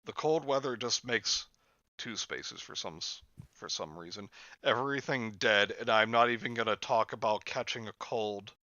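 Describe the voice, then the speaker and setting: A man's voice: normal speed, sharp tone, no room sound, lo-fi sound. A man hosting a mocking comedic reading of a story with friends, often breaking into laughter. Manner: mocking, breaks into laughter, jumps high for exaggerated lines. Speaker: host reading a story aloud.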